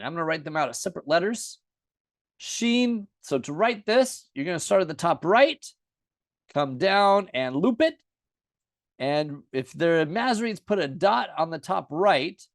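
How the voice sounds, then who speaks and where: An American man teaching the alphabet in a relaxed lesson, saying each letter name aloud again and again as he writes it. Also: on the high side, dry recording, clean studio sound. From United States. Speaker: Bible and Hebrew teacher.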